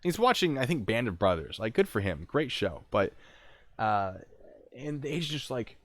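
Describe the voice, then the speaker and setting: A man casually telling a military story to his stream, animated and acting out what people said. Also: medium pitch, normal speed. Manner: animated, acts out quotes, restarts.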